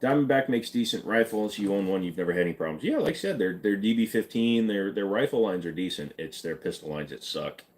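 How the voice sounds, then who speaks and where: A man's voice: on the low side, expressive, a little fast, few pauses. A man hosting a live stream, casually reading and answering chat questions in an offhand, joking way.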